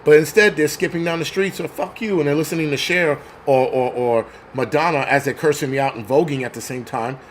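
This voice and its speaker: A man's voice: fairly high pitch, a little fast, few pauses, slight background noise. A man hosting a crude, angry livestream rant, mocking people as he goes. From New York. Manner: angry, crude, mocks others in put-on voices. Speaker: host.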